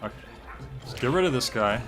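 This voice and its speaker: A man's voice: medium pitch, expressive, a little fast, music in the background. A man giving casual gameplay commentary on a stream, joking and reacting to chat as he plays. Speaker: game streamer.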